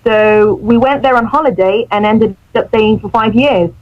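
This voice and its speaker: A woman's voice: on the high side, normal speed, no room sound. A young Mexican woman, a radio host and English teacher whose first language is Spanish, chatting in English with a British accent, with lots of fillers. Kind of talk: casual interview chat. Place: radio station. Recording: dry, dull phone-line sound.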